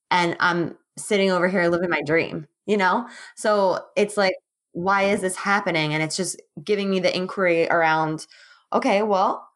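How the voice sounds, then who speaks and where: A woman guest on a podcast call, chatting candidly and emphatically about her business, with lots of "like". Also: on the low side. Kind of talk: casual podcast chat. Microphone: remote call.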